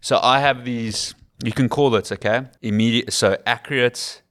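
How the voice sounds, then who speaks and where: A man with an English South African accent, a rugby commentator talking as an interview guest in a measured, methodical way. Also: medium pitch, steady tone, fairly bright tone, dry recording, clean studio sound. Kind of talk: casual interview chat.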